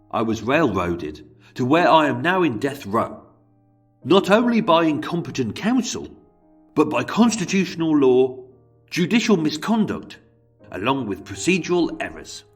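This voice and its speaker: A man's voice: medium pitch, close to an everyday voice. A man with a put-on Brummie accent reads out a formal, aggrieved letter as a self-pitying jailed murderer pleading with a lawyer. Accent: Birmingham (Brummie), put on.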